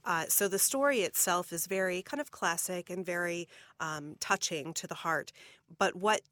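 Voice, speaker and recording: A woman with a lower voice, talking up a touring show in a measured, promotional way. She sounds dry and close to the mic. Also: fairly bright tone, dry recording. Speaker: theatre marketing manager. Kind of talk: radio interview.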